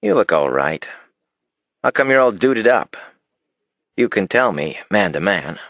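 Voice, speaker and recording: Man doing a cheeky mocking young boy, raised pitch, loud, dull recording. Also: big pitch swings, measured pace, dry recording, full character voice.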